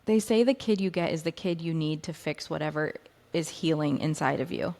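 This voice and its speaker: A woman's voice: low voice, a little fast, creaky, a little mellow. A woman co-hosting a podcast, chatting casually, sharing sayings and advice in a reflective way. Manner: reflective, offers sayings and advice, many "like" fillers. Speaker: podcast co-host. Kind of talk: casual chat.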